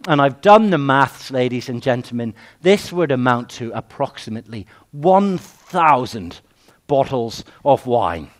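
A man preaches a sermon at a medium pitch. He piles up repeated phrases and slows right down on the words he wants to land. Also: very animated.

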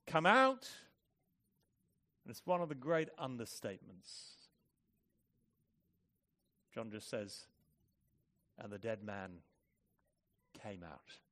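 A mid-range male voice delivers a sermon that swings from hushed, measured reflection to forceful, loud emphasis.

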